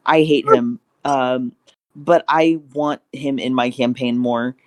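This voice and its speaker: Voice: medium pitch, steady tone, slow pace, no echo. A podcast guest in casual chat, chatty and laughing often.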